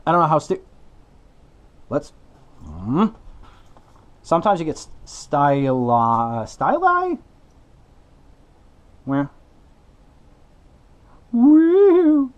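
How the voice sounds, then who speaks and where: A young man hosting a casual woodworking vlog, goofy and excitable, breaking into shouted exclamations. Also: medium pitch, takes it slowly, long pauses. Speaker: woodworking channel host.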